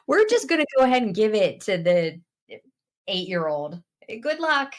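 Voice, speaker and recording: A woman co-hosting a podcast, telling a family anecdote in a casual, animated way and laughing along the way. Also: medium pitch, unhurried. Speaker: podcast co-host. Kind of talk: casual storytelling chat.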